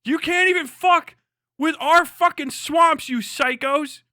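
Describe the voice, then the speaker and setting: An American man on a live stream, ranting with lots of swearing, swinging between shouting and muttering. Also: very high-pitched, a little slow, dry recording, studio quality. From United States. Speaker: livestreamer. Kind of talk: profane rant on a live stream.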